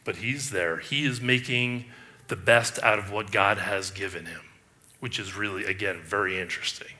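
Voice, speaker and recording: A man's voice: fairly low pitch, normal speed, bright, forceful tone. A male pastor delivering a sermon, emphatic and full of rhetorical questions, often restarting his sentences.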